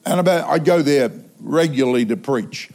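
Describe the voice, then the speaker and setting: A man preaching in a church auditorium, telling a funny story with animated delivery and sudden loud outbursts. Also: mid-range voice, moderate pace, vocal fry. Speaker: traveling preacher. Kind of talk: sermon.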